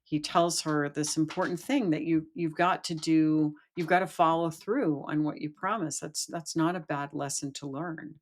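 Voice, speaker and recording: A woman's voice: low voice, fairly even intonation, normal speed, hardly any pauses. Thoughtful woman retelling a fairy tale. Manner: thoughtful, lots of restarts. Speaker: guest, Jungian analyst and author. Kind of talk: podcast interview, storytelling.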